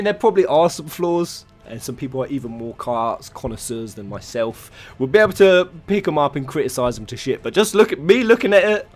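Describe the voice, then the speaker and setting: A young man, chatting excitedly and swearing freely as he shows off his collection at home. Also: medium pitch. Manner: swears freely, stumbles over words when excited. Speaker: vlogger showing his figure collection. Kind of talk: excited casual vlog. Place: home room with shelves.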